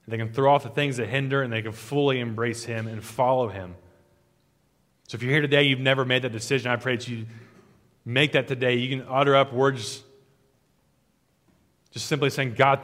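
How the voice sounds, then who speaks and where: Pastor preaching in a reverberant hall. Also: male voice, medium pitch. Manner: earnest, rhythmic repetition, trailing off softer at phrase ends. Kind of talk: sermon and closing prayer. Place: church sanctuary.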